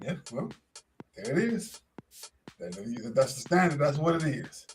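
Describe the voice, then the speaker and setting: A man's voice: fairly high pitch, very animated, measured pace, faint music behind. A man hosting a casual sports talk show, laid-back, often repeating words as he thinks.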